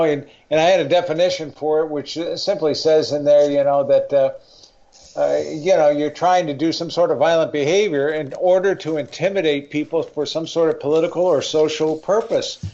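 An older man speaks as a guest on political talk radio, with a somewhat high voice. He rambles, stumbles over his words and restarts, but stays firmly opinionated. His line sounds muffled and lo-fi. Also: darkish tone. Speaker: guest writer.

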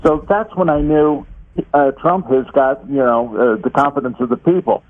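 A man's voice: medium pitch, normal speed. A man calling into a talk show by phone, speaking with many fillers and repeated words. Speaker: caller. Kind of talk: casual phone interview. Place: Florida. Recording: tinny phone line.

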